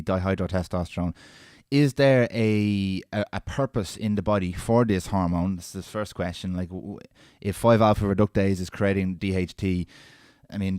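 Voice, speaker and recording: A man with a very low voice hosts a podcast and puts his questions to a guest. He thinks aloud and restarts mid-sentence, and the sound is dry and close. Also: a little mellow, no room sound. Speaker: podcast host. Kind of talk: interview questions.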